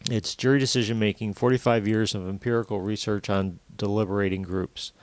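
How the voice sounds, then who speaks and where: A man with a lowish voice delivers a recorded university lecture, explaining things plainly and patiently with the odd "uh" and "um". The sound is close and dry, with no room around it. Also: fairly even intonation, fairly quick, dry recording. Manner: plain explanatory, with frequent fillers.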